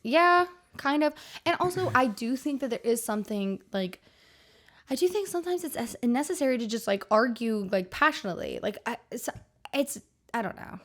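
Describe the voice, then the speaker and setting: A woman's voice: fairly high pitch, lively intonation, normal speed. Rambling, chatty young-sounding woman. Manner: rambling, heavy use of "like", frequent restarts. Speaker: podcast co-host. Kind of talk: casual chat.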